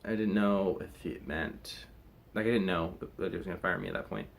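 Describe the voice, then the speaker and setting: A man's voice: low-pitched, very animated, a little fast, creaky. A young man chatting casually to camera in a rambling, hesitant way, full of fillers and restarts. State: recovering from wisdom teeth removal. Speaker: vlogger.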